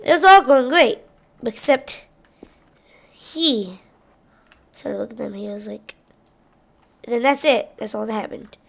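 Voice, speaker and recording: A woman's voice: on the high side, animated, a little slow, gravelly, pauses often. A woman casually retelling a game video, rambling with lots of "he was like". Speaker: narrator.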